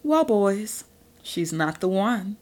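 A woman's voice: mid-range voice, very animated, slow pace, a little mellow. A woman reading the lines of a scheming, power-hungry male vampire leader in an audiobook, mocking and boastful.

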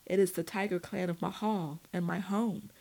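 A woman voicing a tall male were-tiger guide in a storybook reading, with a gravelly, calm and faintly amused manner. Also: fairly low pitch, normal speed. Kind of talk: audiobook character voice.

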